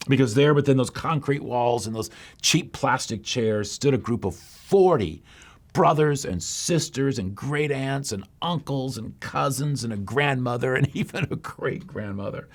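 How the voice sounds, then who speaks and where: A male pastor preaching through a story. His voice sits low and gravelly, and he drops into hushed pauses and easy conversational asides. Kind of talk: sermon storytelling.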